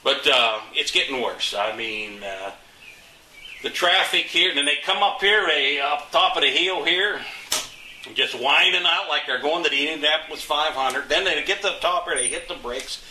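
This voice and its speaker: Older guy ranting folksy about his neighborhood, bright sharp voice, echoey room w/ faint hum. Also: fairly high pitch, moderate pace, far from the mic. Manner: folksy, indignant, repeats words and restarts. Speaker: interviewee, local resident. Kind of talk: casual storytelling interview.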